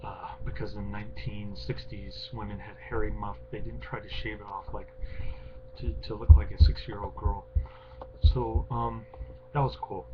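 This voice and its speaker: A man's voice: little pitch movement, normal speed. A man giving a casual, unscripted film review, rambling and offhand with lots of ums and uhs. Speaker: movie reviewer. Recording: dull lo-fi recording with clear background rumble.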